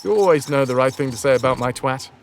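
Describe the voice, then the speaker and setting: A man's voice: medium pitch, fast, slight background noise. A man giving casual, joking gameplay commentary as a streamer, swearing freely.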